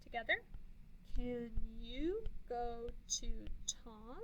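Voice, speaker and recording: A woman teacher leading a phonics lesson, sounding words out slowly and clearly with counting pauses. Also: sits high, bright, forceful tone, a little hiss or hum, low-quality recording. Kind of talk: early reading phonics lesson.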